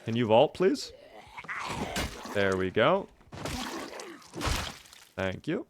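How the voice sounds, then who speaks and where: A man's voice: fairly low pitch, very animated, slow, background noise. A man giving casual, jokey live-stream commentary over a game, chatting with and thanking his viewers.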